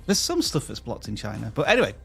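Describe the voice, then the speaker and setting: A man's voice: mid-range voice, wildly swooping pitch, fast, gravelly, fairly bright tone, breathy edge, soft background music. A man hosting a livestream, chatty and joking as he greets viewers by name. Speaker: livestream host. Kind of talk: upbeat livestream chat.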